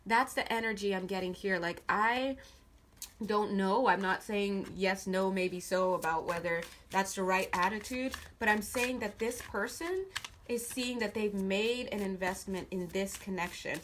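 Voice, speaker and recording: A woman's voice: mid-range voice, moderate pace, a bit bright. A woman giving a casual tarot reading at a table, her intonation swinging a lot as she talks bluntly and swears freely. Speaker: tarot card reader. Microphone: camera filming the cards on a table.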